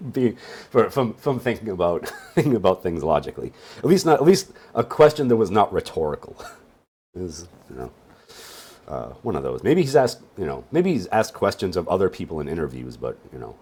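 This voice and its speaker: A man's voice: sits low, a little mellow, slightly rough. A sleepy man teaching a casual screen-share tutorial on databases, rambling along with wry joking asides. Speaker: database instructor.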